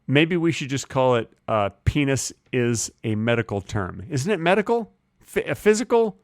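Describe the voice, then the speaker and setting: A man in his fifties co-hosting a comedy podcast, playing dumb in a deadpan way with absurd claims. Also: mid-range voice, moderate pace, dry recording, studio quality. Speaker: podcast co-host. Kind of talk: improvised comedy chat.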